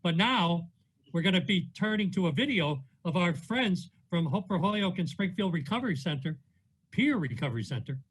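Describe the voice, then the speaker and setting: A man's voice: sits high, expressive, normal speed, fairly bright tone, slightly rough, low-quality recording. A man hosting an event over a video call, casual and teasing. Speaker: host. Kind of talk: casual emceeing.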